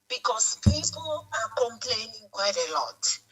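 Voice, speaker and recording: A woman's voice: a little high, big pitch swings, a little slow, fairly bright tone. Pleading Zambian woman on a phone line. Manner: heartfelt, pleading, repeats herself. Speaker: anonymous caller. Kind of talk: emotional call-in comment.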